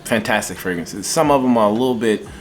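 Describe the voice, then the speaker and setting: Enthusiastic male fragrance reviewer, casual and folksy, slightly low voice. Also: a little fast, slight background noise.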